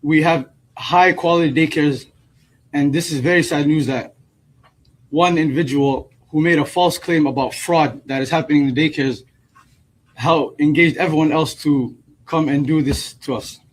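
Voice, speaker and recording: A man giving an earnest, measured statement in a news clip. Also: fairly high pitch, fairly even intonation, poor audio.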